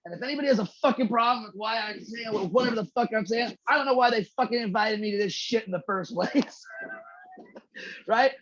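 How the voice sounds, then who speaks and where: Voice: mid-range voice, a little fast, fairly bright tone. A podcast co-host telling a long story in a casual, rambling, heavily profane way. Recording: slightly dull lo-fi audio.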